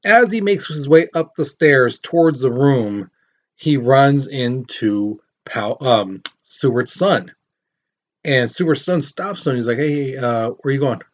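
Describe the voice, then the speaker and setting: A man's voice: medium pitch, expressive, takes it slowly. Male teacher, mid-range voice, chatty lecture that acts out the story; slightly dull recording. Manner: storytelling with acted-out quotes and questions to students. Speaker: history teacher. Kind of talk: casual classroom lecture.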